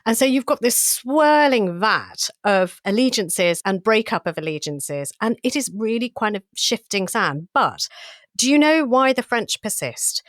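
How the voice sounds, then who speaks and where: A woman co-hosting a history podcast, telling stories in a playful, teasing, animated way. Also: on the high side, unhurried, no room sound, studio quality. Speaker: podcast co-host. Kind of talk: casual history chat.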